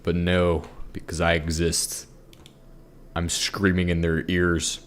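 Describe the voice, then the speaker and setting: Commenting on his Minecraft gameplay, a tired man rambles in a goofy, self-mocking way. He speaks slowly and in a monotone, his deep voice carrying a fairly bright tone.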